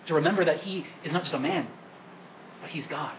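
A man's voice: a little high, fairly quick, a bit bright, a little hiss or hum, poor audio. A man preaching a sermon at Mass as the priest, asking the congregation questions and coaxing them to answer. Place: church during Mass.

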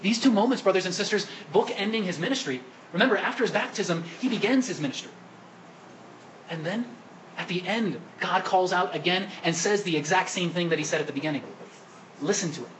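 A man's voice: high-pitched, fairly quick, fairly bright tone, a little hiss or hum, poor audio. A man preaching a sermon at Mass as the priest, asking the congregation questions and coaxing them to answer. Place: church during Mass.

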